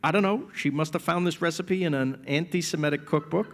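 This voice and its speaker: A man's voice: a little high, brisk, very noisy. An older man telling family stories as a guest at a live stage interview, acting out voices as he goes. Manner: animated storyteller, acts out family voices. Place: stage in a large hall. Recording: reverberant hall.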